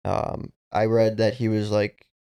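A man co-hosting a casual podcast, with gravelly fry in his mid-pitched voice. He talks loosely, swears freely and reacts with quick exclamations, and the recording is dry and close. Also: flat delivery, dark tone, no echo. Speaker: podcast co-host. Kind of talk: casual chat.

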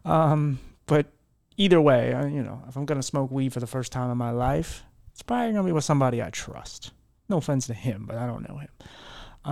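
A worn-down man talks to his podcast listeners from home, rambling candidly with plenty of fillers and restarts. His voice has a gravelly fry, and the room sounds dry and close. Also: mid-range voice, a little mellow, no echo. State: low-spirited and worn down. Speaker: podcast host. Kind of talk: candid solo podcast chat.

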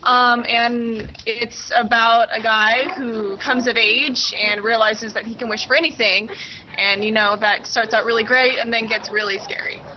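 A woman's voice: fairly high pitch, fairly even intonation, measured pace. A woman guest chatting casually at a live event, matter-of-fact and direct. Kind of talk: casual chat. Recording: muffled, faintly noisy live recording.

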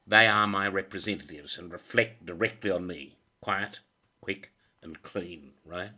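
A man's voice: deep voice, pushed and bright. A man narrating a crime novel in a dry, sardonic manner. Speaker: audiobook narrator.

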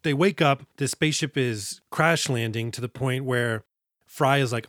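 A man's voice: medium pitch, moderate pace, a bit bright, dry recording, studio quality. Rambling man co-hosting a movie podcast. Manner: rambling, self-interrupting, quotes characters in mock voices. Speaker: podcast co-host. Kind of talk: casual movie discussion.

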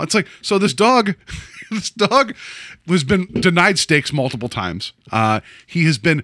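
Male podcast co-host: animated recap, swooping pitch, dry close sound. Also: unhurried, dry recording. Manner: animated, laughing, acts out quoted lines. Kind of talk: casual chat.

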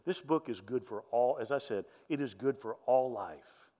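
A man's voice: medium pitch, normal speed, warm tone. A middle-aged man, preaching a sermon in a conversational way and often repeating his words as he goes. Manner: conversational preaching with frequent word repetitions. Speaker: pastor. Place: church sanctuary. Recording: echoey church hall.

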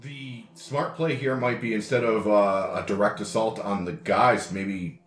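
A man's voice: lowish voice, steady tone, unhurried, soft background music. Joking player man in echoey room. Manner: jokey, laughs often, stammering restarts. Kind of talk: casual tabletop chat. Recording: echoey room, faint noise.

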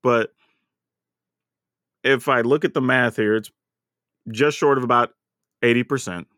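A man with a Southern US accent talks through a casual podcast chat, his pitch swinging widely as he tells a story. He sounds chatty and often laughs mid-thought. The recording is dry and close, with no room echo. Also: a bit bright. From American South. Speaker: podcast co-host.

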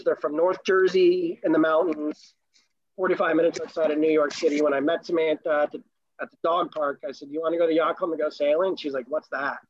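A man's voice: fairly high pitch, no room sound. A man in his thirties from Florida telling a long, enthusiastic, rambling story in casual chat. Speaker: sailor and new father telling a story. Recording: dull lo-fi recording.

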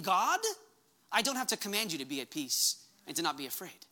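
A man's voice: fairly high pitch, very animated, a little fast, pushed and bright. A pastor preaching a sermon to his congregation, impassioned, raising his voice when he quotes commands. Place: church hall before a congregation.

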